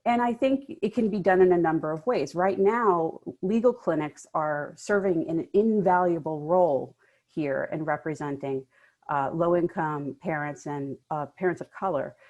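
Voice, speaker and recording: A woman law professor giving fast, emphatic remarks on a panel. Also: low voice, darkish tone, highs cut off.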